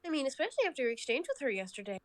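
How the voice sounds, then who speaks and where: A woman's voice: sits high, very animated, very fast, no room sound. A woman reading out the lines of a confident teenage club president, in a teasing way. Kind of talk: reading game dialogue aloud.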